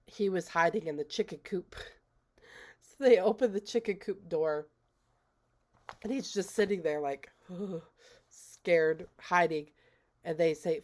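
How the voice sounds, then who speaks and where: A woman with a low-pitched voice walks through a film's plot in a relaxed, casual way. She takes her time, and she drops into quoted dialogue as she goes. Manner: unhurried, retells scenes with quoted voices and laughs. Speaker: movie reviewer.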